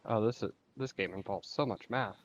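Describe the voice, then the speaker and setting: Low-voiced man playing a tabletop game. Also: fairly quick, dull audio. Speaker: player. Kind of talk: casual tabletop play.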